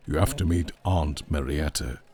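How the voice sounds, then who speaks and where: A man's voice: rumbling low, moderate pace, a little mellow, breathy edge. A man voicing a tall, firm young man who speaks briefly and dismissively.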